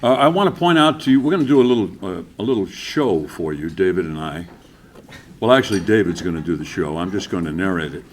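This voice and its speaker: An older man emcees an awards breakfast from a podium, his pitch rising and falling animatedly. He spins a jovial anecdote and acts out the voices in it. A faint background hiss runs under the banquet room sound. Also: animated, fast talker.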